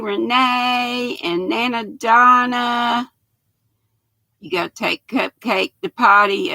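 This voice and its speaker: In a dry recording, an older woman from North Carolina speaks with a Southern accent in a voice on the high side with a sharp tone. Hosting a casual livestream, she keeps the chat folksy and greets viewers by name, one after another.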